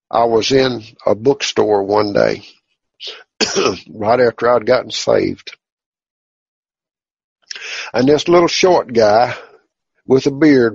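A man tells his religious testimony in a folksy, plainspoken, halting way, on a dull lo-fi recording. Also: medium pitch, creaky, husky, dry recording. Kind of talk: personal testimony storytelling.

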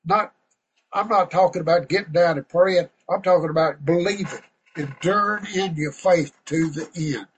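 A man preaching a fervent, folksy sermon to an online group over a video call, breaking into shouts of praise. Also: a little high, moderate pace, noisy background.

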